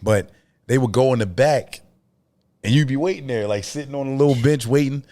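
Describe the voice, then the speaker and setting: A man, co-hosting a podcast in casual chat, telling animated stories with profanity and lots of repeats. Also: medium pitch, brisk. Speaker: podcast co-host.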